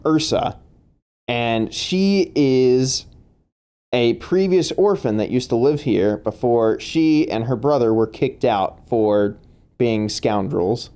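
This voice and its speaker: Chill guy gm, mellow low-key voice, laughs a lot, lots of ums. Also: clear, resonant tone. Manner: laughs often, halting with fillers. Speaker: game master. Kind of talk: narrating a tabletop game.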